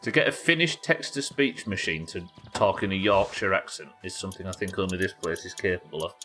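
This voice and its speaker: A young British man streams a game live, his voice sitting a little low as he chats with viewers and narrates each step. He swears freely and keeps a loose, friendly flow, with faint music playing behind him. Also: brisk, sharp tone. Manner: chatty, sweary, talks to chat while working. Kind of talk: live gameplay commentary.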